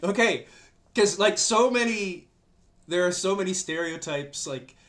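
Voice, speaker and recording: A man's voice: high voice, lively intonation, unhurried, fairly bright tone. A man with a Canadian accent, a guest on a podcast, chatting in an easygoing, wry way. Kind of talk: casual chat.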